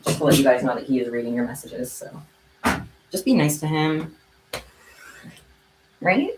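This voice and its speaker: A woman's voice: sits low, expressive, moderate pace, a little mellow, a little hiss or hum. A young woman chatting casually on a livestream while she makes bracelets at home, with a chatty manner. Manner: chatty, meows at her cat. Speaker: streamer making kandi bracelets. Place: home room. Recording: echoey room, faint ambience.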